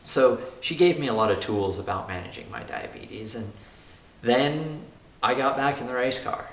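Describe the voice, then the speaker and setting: A young race car driver tells his own story in a personal testimonial, earnest and reflective, often restarting his sentences. His medium-pitched voice is animated and fairly bright, at normal speed. The recording is in a roomy space with faint hiss.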